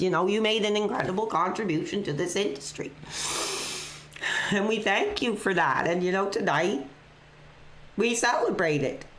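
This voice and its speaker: A woman's voice: mid-range voice, fairly bright tone. A woman hosting a live call-in stream, talking in an earnest, emotional, rambling way full of "you know" and "like". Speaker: call-in show host. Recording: roomy echo.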